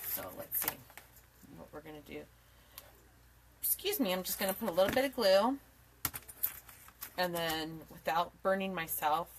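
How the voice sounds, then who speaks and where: Chatty bright-voiced woman hosting a craft stream. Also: on the low side, slight background noise. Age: 40s. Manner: chatty and rambling, laughs often, greets viewers by name. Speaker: craft tutorial host. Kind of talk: live-streamed craft tutorial chat. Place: home craft desk indoors. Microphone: camera mic at a desk.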